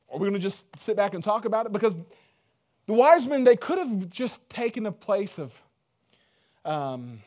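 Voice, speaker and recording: A man's voice: high-pitched, a little mellow. A man preaching a sermon in a loose, conversational way, joking and full of fillers. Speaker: pastor.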